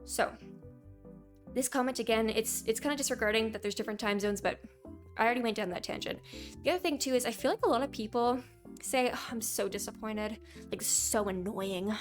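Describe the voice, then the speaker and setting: A young woman giving her opinions in a casual commentary vlog, opinionated and quick to mock what commenters say. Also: a little high, faint music behind. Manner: opinionated, reads out viewer comments in mocking voices. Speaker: gaming YouTuber.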